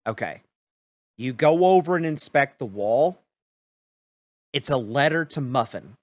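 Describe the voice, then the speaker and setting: A man narrating as game master of a tabletop game, talking in an unhurried way full of fillers. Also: mid-range voice, expressive, dry recording.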